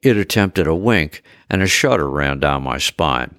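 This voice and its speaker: A man's voice: very deep voice, lively intonation, measured pace, fairly bright tone, no room sound, studio quality. A man narrating a first-person story in a wry, conversational way.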